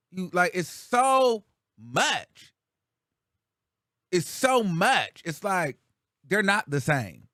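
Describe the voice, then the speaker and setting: A man's voice: sits high, drawn-out words, pauses often, no room sound. A talkative man hosting a casual commentary show, his voice rising and dipping with lots of life. He speaks in a loose, slangy way to his viewers, and the sound is dry and close. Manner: animated, chatty, slangy.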